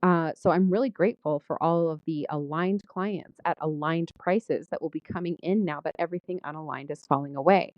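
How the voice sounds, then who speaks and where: A low-pitched woman hosting a podcast, speaking in an earnest, list-like rhythm as she works through one heartfelt line after another. The sound is dull and lo-fi, with a dry, close, roomless quality. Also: fairly quick, few pauses, no room sound. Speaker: podcast host. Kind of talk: spoken gratitude journal, podcast monologue.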